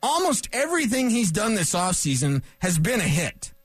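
Sports radio host, male, opinionated rant, high pitch, dry close studio sound. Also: moderate pace, husky, no echo, faint music behind. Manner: animated, opinionated ranting. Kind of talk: sports talk radio monologue.

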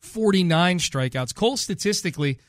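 A man hosting a casual sports talk show, chatting about the team and reading statistics out slowly and deliberately. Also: high-pitched, animated, dry recording, clean studio sound. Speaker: sports radio host.

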